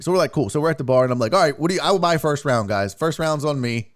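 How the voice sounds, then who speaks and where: A young man tells stories from his trip in a loose, casual way, swearing freely and acting out the people in them. His voice sits a little high and swings widely up and down as he talks. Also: brisk. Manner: profane, animated, acts out quotes. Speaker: podcast host. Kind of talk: casual storytelling.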